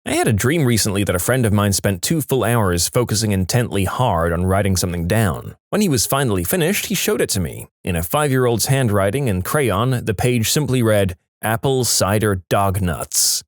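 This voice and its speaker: A man reading storytime posts aloud in a scripted narration, lively and expressive. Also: on the low side, fairly quick, hardly any pauses, no room sound, clean studio sound.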